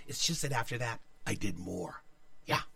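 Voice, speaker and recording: A man's voice: on the low side, moderate pace, vocal fry, no echo. Guy telling a story from when he was a kid, voice jumps up and down a lot, mic kinda far off. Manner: animated, acts out voices of others. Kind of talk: told childhood story.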